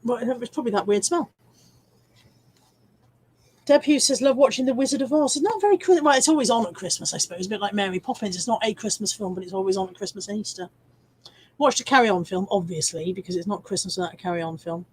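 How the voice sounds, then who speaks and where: A woman's voice: mid-range voice, quick pace, a little mellow, slightly rough. A middle-aged woman, hosting a casual live stream, reading viewer comments in a chatty, cheeky way with frequent laughs and the odd swear word. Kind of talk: casual chat.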